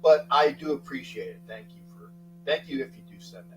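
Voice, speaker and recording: A middle-aged man hosting a casual sports talk livestream, rambling, thanking chatters by name and breaking into sudden loud outbursts. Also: a little high, steady tone, a little fast, faint music behind, low-quality recording. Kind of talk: casual live chat with viewers.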